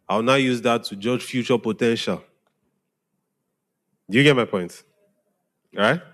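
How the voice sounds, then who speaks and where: Male pastor, conversational sermon delivery, mid-range voice, frequent check-ins with listeners. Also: mid-range voice. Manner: conversational preaching, often asking "are we together?". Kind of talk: sermon to young congregation.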